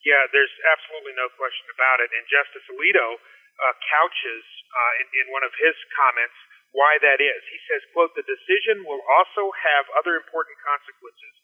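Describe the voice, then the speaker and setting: A man's voice: mid-range voice, a little fast. Emphatic male guest on a phone line. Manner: emphatic, forceful phrasing. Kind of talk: talk radio discussion.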